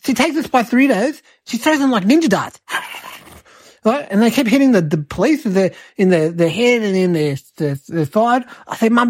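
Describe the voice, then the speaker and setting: A woman's voice: mid-range voice, slightly rough, dry recording. A woman voicing a cheeky eight-year-old boy who hosts and tells rambling, exaggerated tall tales. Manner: rambling, breathless, childlike exaggeration. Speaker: host. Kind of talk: comic storytelling monologue.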